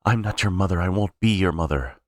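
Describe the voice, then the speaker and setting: A man's voice: low voice, brisk, a little mellow, no room sound, studio quality, voice pushed up, lightly acted. A man putting on a bitter, weepy woman. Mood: harsh.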